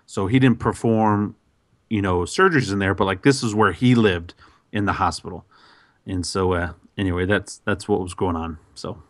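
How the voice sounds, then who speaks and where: A man on a podcast telling a story in a casual, animated way, with many fillers and restarts. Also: low-pitched, normal speed, no room sound, studio quality. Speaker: podcast host.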